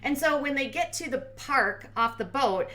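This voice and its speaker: A woman's voice: high voice, animated, moderate pace, pushed and bright. A woman hosting a commentary channel, recapping a reality show in casual, sarcastic, blunt talk full of "like". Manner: sarcastic, blunt, heavy use of "like".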